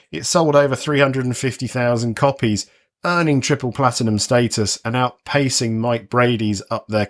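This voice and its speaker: Guy in his 40s reading his music podcast script, dry sarcastic asides, middle pitch. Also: a bit bright. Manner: wry, conversational commentary with a sardonic edge. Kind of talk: scripted narration.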